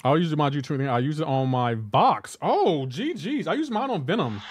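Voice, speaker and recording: In clean studio sound with no room sound, a man streams a game and chats loosely with viewers, replying to them and using "like" a lot. His fairly high voice swings widely in pitch, moves at a moderate pace and sounds slightly rough.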